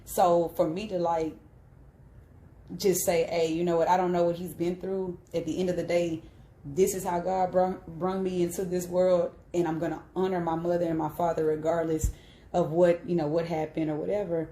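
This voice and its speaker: A woman with a low, mellow voice talks candidly to her live-stream viewers, loose and chatty, laughing and cursing as she goes. The sound is roomy and echoey, as if from a bare room. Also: flat delivery, normal speed. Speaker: video host speaking to viewers. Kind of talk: casual live-stream storytelling. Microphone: single mic on a live stream. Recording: roomy echo.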